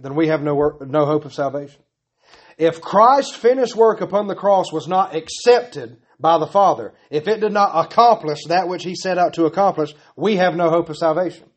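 Earnest preacher man. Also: high-pitched. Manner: earnest, pleading, repetitive emphasis. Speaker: pastor. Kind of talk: sermon.

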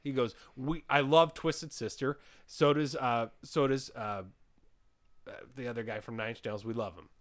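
A man's voice: medium pitch, normal speed. Casual man telling a story on a podcast. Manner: animated storyteller, retells quotes with repeated "he goes". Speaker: podcast host. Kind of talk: casual chat.

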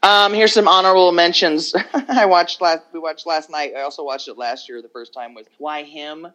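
Bright-voiced chatty podcast co-host. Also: mid-range voice, fairly even intonation, moderate pace, highs cut off. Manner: chatty, swears freely, trails off mid-thought. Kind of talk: casual chat.

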